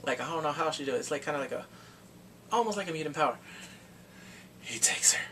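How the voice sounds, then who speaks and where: A man recapping a TV drama in casual talk, acting out the characters' lines in quick animated bursts. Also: fairly high pitch, recorded from a distance, a little hiss or hum. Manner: animated, acts out quotes from the show in quick bursts. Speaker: drama reviewer.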